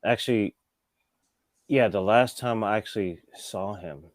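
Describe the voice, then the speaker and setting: A man's voice: on the low side, measured pace, no echo. A man who owns a skateshop, telling stories as a guest in a sit-down interview, in a loose, rambling way full of "like" and "you know.". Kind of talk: casual storytelling in a sit-down interview.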